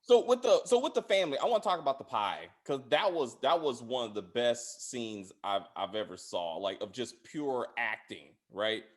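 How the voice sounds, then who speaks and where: A man hosting a casual show review, retelling scenes in an excitable, profane way. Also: mid-range voice, moderate pace, few pauses. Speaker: podcast host.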